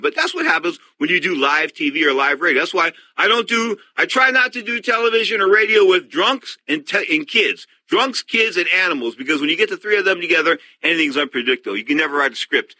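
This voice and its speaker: Forceful, animated older sports radio man. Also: a little high, fast, hardly any pauses, no echo. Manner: animated storyteller who acts out quotes. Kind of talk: casual sports talk commentary.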